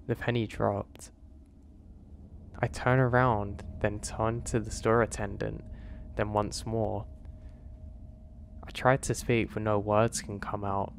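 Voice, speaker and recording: Low-voiced man telling a horror story. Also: flat delivery, creaky, a little hiss or hum. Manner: measured, confessional storytelling. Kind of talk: first-person horror story narration.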